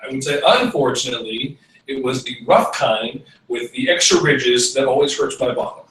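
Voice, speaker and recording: A man's voice: medium pitch, normal speed, a bit bright. A man in playful improv-game banter on a comedy podcast, laughing easily, in a roomy echo from a distant mic. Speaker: comedy troupe member.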